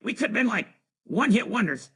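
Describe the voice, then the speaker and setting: A male voice playing a hyper, dim-witted cartoon teenage boy with a very raspy, shrill voice, giggling and blurting in an AI-generated chat stream. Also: big pitch swings, brisk, sharp tone, heavily acted.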